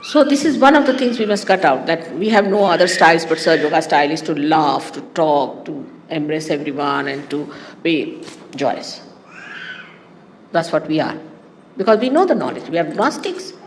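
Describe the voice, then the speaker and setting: A woman giving a spiritual talk to her followers in an animated, teasing way, often laughing. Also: sits low, moderate pace, big-room sound, a little hiss or hum. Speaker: spiritual teacher.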